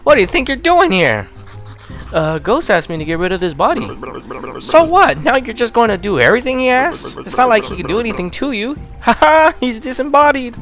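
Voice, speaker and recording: A brash male talking skull mocks and bosses the listener in a loud, high voice, as a man puts him on. His tone is cheeky and full of attitude. Faint music runs behind him. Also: very animated, brisk, heavily acted. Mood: mocking.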